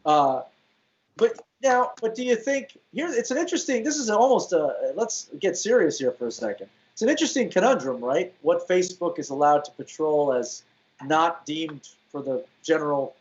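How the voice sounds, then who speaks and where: A man hosting a comedy talk show, playful and quick to laugh, often restarting his sentences. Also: fairly high pitch, lo-fi sound. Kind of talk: casual comedic chat.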